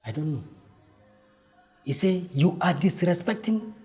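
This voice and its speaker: Animated man recounting a heated quarrel. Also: fairly high pitch, unhurried, pauses often. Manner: animated, acts out heated exchanges. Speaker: guest telling his life story. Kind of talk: personal storytelling.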